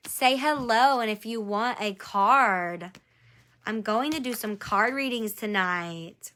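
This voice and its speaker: A woman's voice: fairly high pitch, takes it slowly, bright, forceful tone. A woman doing a live-streamed angel card reading. She speaks to one viewer by name, encourages her, and repeats her phrases.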